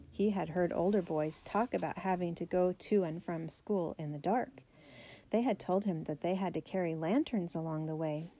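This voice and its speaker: A woman narrating a children's biography aloud, steady and gentle. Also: lowish voice, moderate pace.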